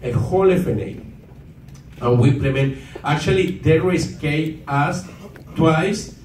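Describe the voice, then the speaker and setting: A man's voice: a little high, a little slow, slight background noise. Far-off man addressing an echoey room. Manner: animated, asks the audience for answers, broken English. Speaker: motivational speaker at a sales meeting. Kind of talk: motivational talk to an audience.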